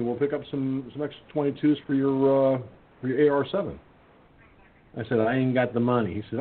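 A man's voice: medium pitch, steady tone, a little fast. A man hosting a casual radio talk show, telling a rambling story full of restarts and acting out his friends' lines. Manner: rambling storyteller, many restarts and fillers, acts out quoted friends. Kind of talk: casual call-in radio chat. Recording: tinny phone-line sound.

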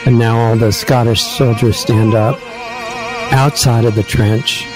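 A male host narrates a film scene live on his radio show, lively and quoting the characters' lines as he tells it. His voice sits at an ordinary pitch. Music plays clearly in the background. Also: measured pace. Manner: animated storyteller quoting characters. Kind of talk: retelling a film scene to listeners.

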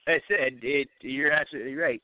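A man joins in with agreement, talking haltingly and full of fillers. His voice is smooth and clear. It comes through dry and narrow, like a phone call. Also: medium pitch, dry recording. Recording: dry phone-line sound.

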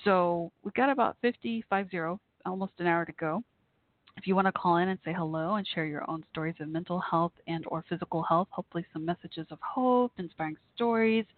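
A woman hosting a call-in talk show, speaking haltingly through tears with many fillers and restarts. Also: on the low side, no room sound. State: near tears. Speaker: host. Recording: tinny phone-line audio.

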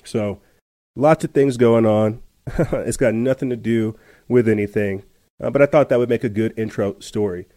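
A man's voice: fairly low pitch, normal speed, mellow, no room sound. A man hosting a podcast, telling a story in a rambling casual way with many restarts and laughs. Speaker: podcast host. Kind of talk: casual chat.

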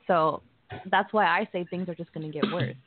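A woman's voice: fairly low pitch, moderate pace, crowd noise. A woman co-hosting a podcast, speaking in an indignant way and cursing. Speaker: podcast co-host. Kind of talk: casual political chat. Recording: dry tinny phone-like audio.

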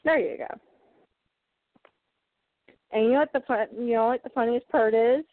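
A woman's voice: fairly high pitch, moderate pace, dry recording. A woman co-hosting a casual chat, talking in an easygoing way and repeating words while she searches for them. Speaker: co-host of a toy collecting show. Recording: dry, phone-like narrow audio.

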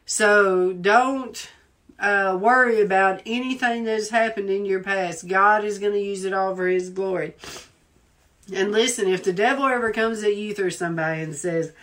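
A woman's voice: medium pitch, normal speed, fairly bright tone. A woman with a Southern accent, a preacher leading a fervent live prayer, repeating phrases for emphasis and holding back tears. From Southern United States. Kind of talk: live prayer and prophetic exhortation.

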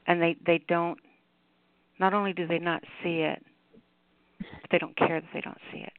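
A woman hosting a call-in radio show, affectionate and quick to laugh, heard over a tinny phone line. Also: lowish voice, level tone, no echo.

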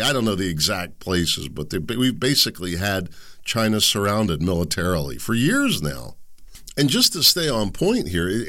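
Low-voiced man, podcast host, opinionated monologue, rambling, stumbles over words. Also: pushed and bright, no room sound, studio quality. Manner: conversational, asks the audience direct questions. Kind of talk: opinionated solo commentary.

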